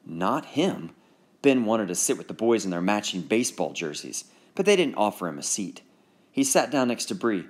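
A man reading a children's book aloud in an expressive, animated narration. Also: lowish voice, moderate pace. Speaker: audiobook narrator.

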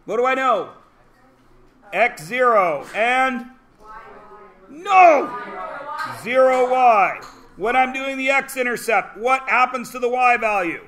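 A man in his forties teaching a high school math class, joking with the students between problems and sometimes bursting into shouts. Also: unhurried. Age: 40s. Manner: wisecracking, theatrical asides and bursts of shouting.

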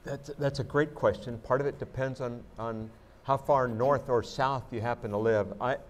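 A man's voice: mid-range voice, fairly even intonation, normal speed. A man, an astronaut guest, answering audience questions in a reflective way, often restarting his sentences. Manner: reflective, with many restarts and "you know". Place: museum auditorium.

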